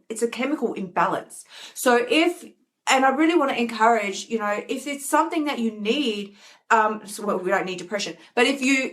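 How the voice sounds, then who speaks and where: A middle-aged woman hosting a self-help live stream, talking casually and animatedly and acting out the voices in her head. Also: fairly high pitch. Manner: animated, acts out inner voices. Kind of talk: casual motivational talk.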